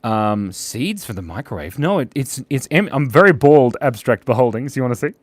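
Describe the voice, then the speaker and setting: A man's voice: mid-range voice, very animated, normal speed, no room sound. A man hosting a live drawing stream in a playful, chatty, jokey way. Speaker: host and illustrator.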